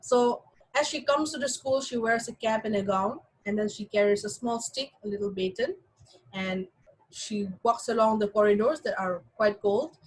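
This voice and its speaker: A woman's voice: on the high side, normal speed, husky, poor audio. A woman teaching an English class, reading a story and explaining it, often checking in with her students.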